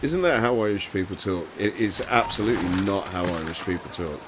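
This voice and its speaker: A deep-voiced man talks over his gameplay in a casual, mocking way. A clear steady hiss sits under his voice. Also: brisk. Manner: sarcastic, mocking. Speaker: let's play host.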